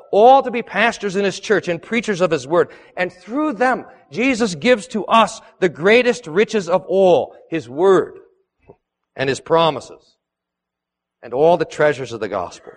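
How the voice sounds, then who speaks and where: Man preaching in a reverberant church. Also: a little high. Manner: earnest preaching with emphatic rises and soft drops. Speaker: pastor. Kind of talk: sermon. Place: church sanctuary.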